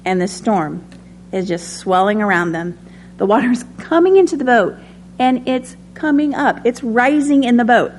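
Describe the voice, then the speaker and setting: A woman's voice: a little high, normal speed, a little hiss or hum. A woman teaching a conversational sermon. She speaks in a personal tone, with many ums and light laughs. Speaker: Bible study teacher.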